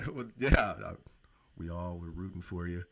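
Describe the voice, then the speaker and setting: A man with a very low voice hosts a radio interview. He asks his questions in an easygoing way, with plenty of "uh" and "um" and warm affirmations of what his guest says. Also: a little slow. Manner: relaxed, affirming interviewer with many fillers. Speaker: radio show host. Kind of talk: casual interview.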